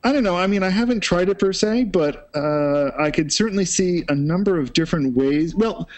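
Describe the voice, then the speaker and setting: A man's voice: high voice, animated, normal speed, darkish tone. Man, opinionated, lots of ums and you-knows, casual panel chat. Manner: opinionated, filler-heavy.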